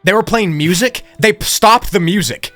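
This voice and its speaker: A man's voice: sits high, normal speed, a bit bright, faint music behind. A man co-hosting a podcast, telling stories in a jokey, teasing way. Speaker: podcast co-host. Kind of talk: casual storytelling chat.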